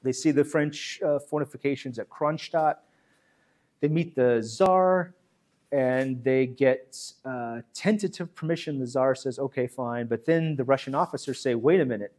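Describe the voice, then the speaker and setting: A man's voice: mid-range voice, a little slow, a little mellow. A man giving a chatty history talk as guest speaker, repeating himself and acting out quotes. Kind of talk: history lecture.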